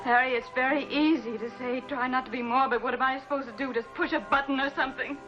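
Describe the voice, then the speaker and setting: An actress playing a lonely, desperate woman pleading on the phone, halting and stammering, tearful, in a 1950s TV drama acting style. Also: high-pitched, fairly even intonation, natural voice. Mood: resigned. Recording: muffled old TV soundtrack with music.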